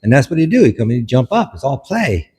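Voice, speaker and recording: A man's voice: medium pitch, very animated, fast, warm tone, slightly rough, big-room sound. A man, a dog behaviourist, explains a hands-on dog training demonstration in short instructive steps and commands.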